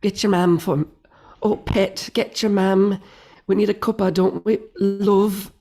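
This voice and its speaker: A man putting on a Geordie accent to voice a brisk middle-aged female detective, speaking in chirpy, motherly, clipped phrases. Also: high-pitched, level tone, creaky, dark tone, faint music behind, pitched above the performer's own voice, heavily acted. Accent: Geordie impression.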